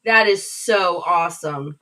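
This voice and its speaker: This streamer talks slowly in a low, bright, forceful voice while chatting casually and reading viewer comments aloud, rambling with restarts. Her webcam mic sits a little back from the screen, so the mic is distant and the audio poor.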